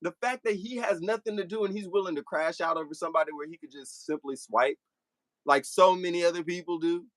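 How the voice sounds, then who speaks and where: A young man streaming live, talking back to commenters in a blunt, animated way. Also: high voice, no echo. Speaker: livestreamer. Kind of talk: casual livestream talk to commenters.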